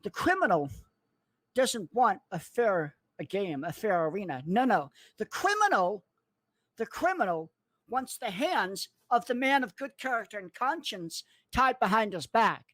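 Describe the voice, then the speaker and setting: A man's voice: big pitch swings, measured pace, a bit bright, no room sound. Furious profane man ranting on a livestream. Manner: furious, cursing, threatening, mocking with high-pitched put-on voices. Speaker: online commentator. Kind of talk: angry profane livestream rant.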